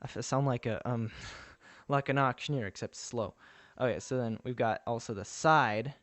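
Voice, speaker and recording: A man's voice: mid-range voice, normal speed, a bit bright, no room sound. A man chatting casually on a live stream while he builds, thinking aloud with restarts and answering his viewers' messages.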